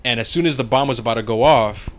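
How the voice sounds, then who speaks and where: Profane, animated young male podcast host. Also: mid-range voice, fast talker. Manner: animated, acts out characters in silly voices, profane. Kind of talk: casual TV recap chat.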